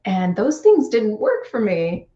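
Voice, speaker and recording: A woman's voice: mid-range voice, huge pitch swings, slow pace, dark tone, echoey room, lo-fi sound. A woman guest in a conversation, earnestly telling a personal story and reflecting on it. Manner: earnest, reflective, acts out quoted voices. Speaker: podcast guest.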